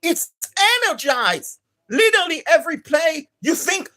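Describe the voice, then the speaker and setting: A woman with an accent, an energetic and enthusiastic gaming streamer chatting live to viewers. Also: medium pitch, a little slow. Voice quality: non-native accent.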